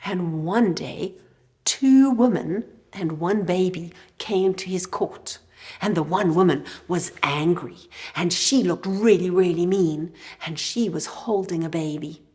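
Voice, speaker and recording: A woman's voice: fairly low pitch, slow, darkish tone. A woman teaching children at church, telling a Bible story expressively and dropping to a whisper for emphasis.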